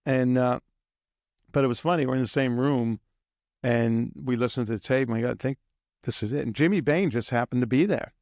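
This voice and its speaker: A man with a gravelly, fry-laden voice tells story after story as an interview guest, rambling and chuckling and now and then imitating drum beats. The recording is dry and close, with no room sound. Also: medium pitch, brisk, darkish tone, no room sound. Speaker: guest drummer. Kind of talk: casual anecdotal storytelling.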